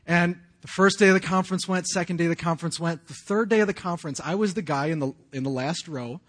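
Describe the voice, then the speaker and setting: A man in his forties, serving as pastor, preaches quickly in a voice on the high side. The sermon centers on his personal testimony, told casually with slang and plenty of restarts.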